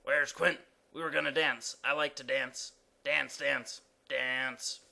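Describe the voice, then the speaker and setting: A man voicing a dull male period character who speaks flatly and keeps asking to dance. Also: takes it slowly, vocal fry, exaggerated voice. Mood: deadpan. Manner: flat, deadpan, low. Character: dull low-voiced male period who loves dancing.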